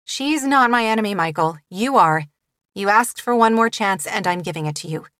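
A woman's voice: medium pitch, expressive, moderate pace, a bit bright, no echo, natural voice. Brief: a dry-witted woman artist on the phone, read by the narrator, audiobook, close dry sound. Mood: sharp.

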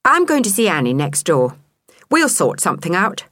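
A woman's voice: lowish voice, wildly swooping pitch, moderate pace, fairly bright tone, dry recording, studio quality. A woman voicing an eager young boy who pleads and protests earnestly.

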